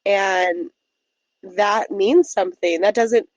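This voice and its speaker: A woman's voice: mid-range voice, takes it slowly, no echo, low-quality recording. A woman co-hosting a casual podcast, speaking earnestly and supportively. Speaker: podcast co-host.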